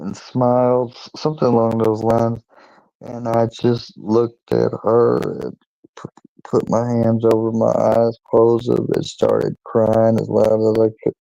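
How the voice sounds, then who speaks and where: A man casually telling a personal story to his channel, in a meandering, halting way with many restarts. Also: lowish voice, gravelly, mellow, no echo, rough recording. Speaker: channel owner.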